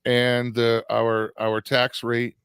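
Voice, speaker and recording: A man's voice: medium pitch, completely flat delivery, takes it slowly, fairly bright tone, clear, resonant tone, no room sound. A middle-aged man co-hosting a podcast in casual chat, rambling through a story with frequent restarts and swearing. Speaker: podcast co-host.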